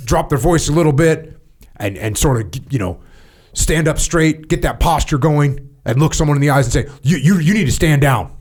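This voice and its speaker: A man hosting a podcast, reading book passages aloud and breaking off into animated commentary. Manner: deep voice, animated tangents, mimics bosses. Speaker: podcast host.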